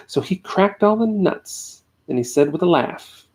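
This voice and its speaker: A man reading a children's rhyming story aloud at home into a desk USB microphone, giving the characters lively voices. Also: sits high, unhurried, few pauses. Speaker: reader. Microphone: USB desk microphone on a tripod.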